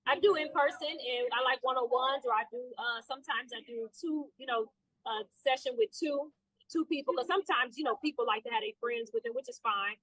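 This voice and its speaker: A woman's voice: sits high, brisk, a bit bright, dry recording, poor audio. A woman guest in a casual interview, upbeat and talking freely with many fillers. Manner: upbeat, lots of fillers like "you know". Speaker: guest, trainer and sailor.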